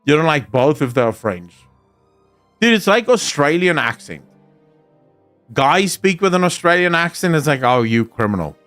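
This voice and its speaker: A man's voice: fairly high pitch, lively intonation, a little slow, long pauses, fairly bright tone, dry recording, faint music behind. A man streaming live, reading viewer comments aloud and answering them in casual chat.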